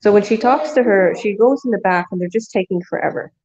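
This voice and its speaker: A fast-talking woman vlogger with a medium-pitched, darkish voice tells a long, rambling story on a recording with the highs cut off. She keeps restarting and acts out people's quotes.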